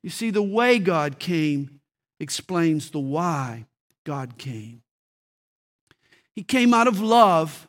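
Male preacher, high voice, dramatic storytelling, shifting tempo, sermon. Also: very animated, slow, long pauses, a bit bright. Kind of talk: Christmas sermon.

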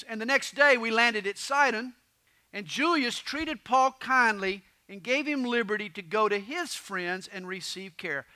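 Middle-aged male pastor, high bright voice, lively verse-by-verse Bible teacher with a storyteller's flair. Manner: lively storytelling, reciting a rhyming poem with gusto.

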